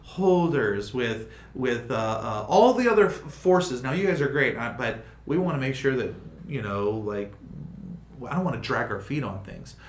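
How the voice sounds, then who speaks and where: A man hosting a casual livestream chat, talking in an animated, rambling way full of restarts. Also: medium pitch, normal speed. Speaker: crypto project host. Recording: roomy room with faint noise.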